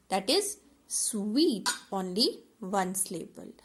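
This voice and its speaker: A woman teaches a classroom lesson at an unhurried pace. Her voice sits a little high, and she repeats words and fills pauses with "uh" as she explains. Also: animated, a little mellow, slight background noise. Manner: slow, repetitive explaining with many fillers.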